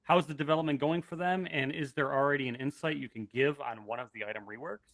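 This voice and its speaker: A man's voice: mid-range voice, fast talker, a bit bright, dry recording. A man hosting a live stream, casually reading out viewer questions with an easygoing manner. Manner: easygoing, laughs often. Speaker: stream host.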